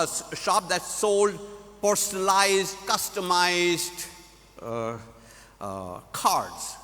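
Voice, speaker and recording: A middle-aged conference speaker delivers a storytelling sermon in a large conference hall, animated and laughing at his own story. His voice sits high, and the recording echoes through the hall.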